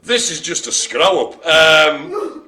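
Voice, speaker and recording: A man's voice: fairly high pitch, sing-song, slow, a crowd in the background. A man hosting a live bingo stream, teasing and cracking jokes. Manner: jokey, teasing banter. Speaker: bingo host.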